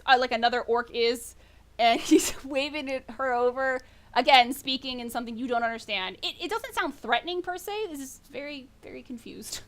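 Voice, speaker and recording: A woman's voice: high voice, normal speed, fairly bright tone. A woman narrating a tabletop game as game master, rambling and correcting herself as she goes. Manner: rambling, self-correcting, laughs often.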